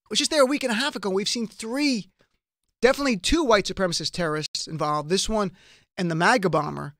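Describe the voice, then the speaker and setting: An American political radio host with a high, fairly bright voice speaks fast, making an emphatic, passionate argument packed with rhetorical questions. The recording is dry and studio quality.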